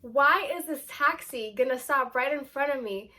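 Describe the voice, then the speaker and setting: A young adult woman telling a personal story in a casual, animated vlog style, full of "like" and asides. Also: high-pitched, normal speed. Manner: chatty, animated, filler-heavy with lots of "like". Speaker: vlogger.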